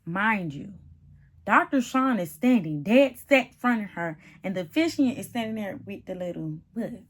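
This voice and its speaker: A woman giving a casual, animated reality-TV recap, chatty and calling the viewer "honey" and "baby". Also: medium pitch, moderate pace. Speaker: TV show reviewer.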